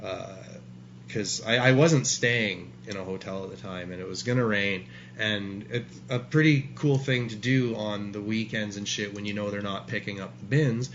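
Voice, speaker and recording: A man's voice: lowish voice, moderate pace, fairly bright tone. Man, casual storyteller, profane and rambling, muffled lo-fi sound, light background hiss. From Canada. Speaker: guest. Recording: dull lo-fi sound, faint hiss.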